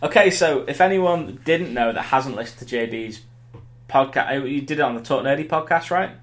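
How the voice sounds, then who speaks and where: A man co-hosting a podcast, quick to jump in with excited reactions. His pitch is typical for a man, and he keeps the chat loose and eager. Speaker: podcast co-host. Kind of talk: casual chat.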